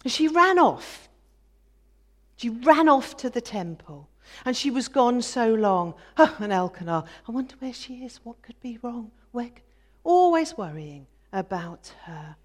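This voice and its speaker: A woman voicing a bitter, sharp-tongued second wife in a biblical dramatic monologue, mocking and self-righteous. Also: a little high, very animated, a little slow.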